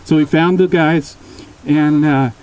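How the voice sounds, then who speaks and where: A man's voice: on the high side, unhurried, clear, resonant tone, distant mic, low-quality recording. Rambling male storyteller, a bit off-mic. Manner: relaxed, rambling, self-correcting. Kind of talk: casual oral storytelling.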